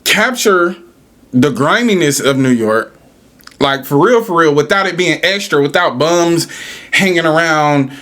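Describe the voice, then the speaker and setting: A man's voice: a little high, expressive, unhurried, a bit bright. A man hosting a podcast, ranting in a casual, profane, argumentative way. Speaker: podcast host.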